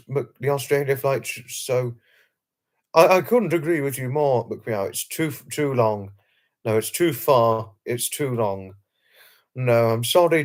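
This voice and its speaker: British man chatting on a livestream. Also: medium pitch. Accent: British English. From England. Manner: repetitive, emphatic, chatty with viewers by name. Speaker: livestream host. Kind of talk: casual livestream chat reading viewer comments.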